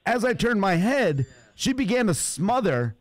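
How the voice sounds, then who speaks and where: Radio host guy telling a goofy story, bit high, really bouncy voice, dry close mic. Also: measured pace, no room sound. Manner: animated storyteller, laughs often, puts on cooing baby talk to a toy. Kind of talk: casual comedic storytelling.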